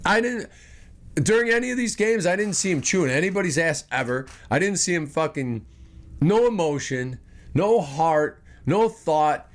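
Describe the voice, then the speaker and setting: A man's voice: on the high side, expressive, moderate pace. A man hosting a fan podcast, delivering an angry, profane, rambling sports rant.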